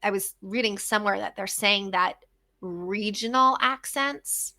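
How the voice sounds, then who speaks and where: A woman with a New Jersey accent hosting a casual podcast chat, telling animated stories and acting out the voices of the people she quotes. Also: mid-range voice, unhurried. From New Jersey, USA. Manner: animated storyteller who acts out quoted voices. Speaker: podcast host.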